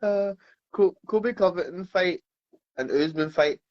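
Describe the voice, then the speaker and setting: A man's voice: sits high, unhurried, lo-fi sound. A Scottish man co-hosting a podcast, telling things in a laid-back casual chat. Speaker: podcast co-host.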